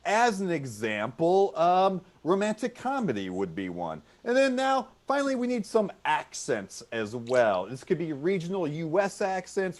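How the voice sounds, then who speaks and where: Lively male improv game host. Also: fairly high pitch. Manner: upbeat, repeats suggestions back, yells freeze. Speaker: referee and host of an improv show. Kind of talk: online comedy game hosting. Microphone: video call.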